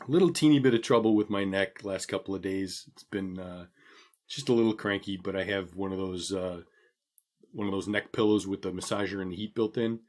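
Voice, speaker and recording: A man with a lowish voice co-hosts a tabletop gaming podcast. He talks in a relaxed, meandering way, filling pauses with ums and uhs as he tells a story. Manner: relaxed, rambling with many ums. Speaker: podcast co-host. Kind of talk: casual chat.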